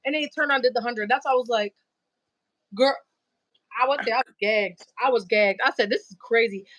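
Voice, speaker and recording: A woman hosting a live stream, chatting casually and telling animated stories full of slang and acted-out quotes. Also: fairly high pitch, brisk, muffled recording, a little hiss or hum. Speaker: livestream host. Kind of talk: casual chat.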